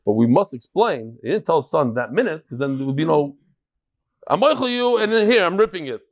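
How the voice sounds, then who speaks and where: A rabbi gives his daily Talmud lecture, thinking aloud and acting out the exchanges while mixing English with Hebrew and Aramaic terms. His voice is a little high with lively intonation, and he talks fast.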